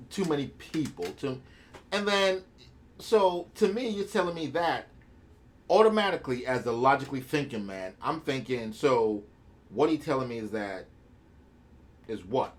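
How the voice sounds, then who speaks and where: A man's voice: on the high side, big pitch swings, normal speed. A man co-hosting a podcast in casual chat, arguing his points emphatically, step by step. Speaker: podcast co-host.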